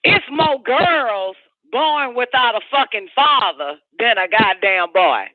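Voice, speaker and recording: A radio show host delivering a profane, emphatic ranting monologue full of preachy storytelling. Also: male voice, extremely high pitch, expressive, slow pace, no room sound. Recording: tinny phone-like line, dry.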